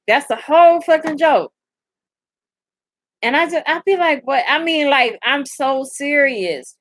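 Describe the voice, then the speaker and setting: Animated, profane young woman chatting live. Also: sits high, slow pace, pauses often, no room sound. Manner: animated, profane, laughs often, reads chat aloud. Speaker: livestream host. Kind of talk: casual chat.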